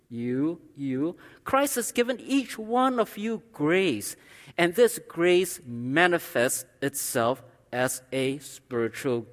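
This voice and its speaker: A man's voice: high voice, fairly bright tone, in a large hall. A man preaching a sermon as pastor, emphatic, repeating key lines for stress.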